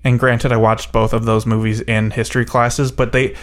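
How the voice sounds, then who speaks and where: Casual podcast co-host, man, mid-pitched voice, analytical and chatty. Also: level tone, moderate pace. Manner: rambling, analytical, jokey. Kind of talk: casual chat about a movie.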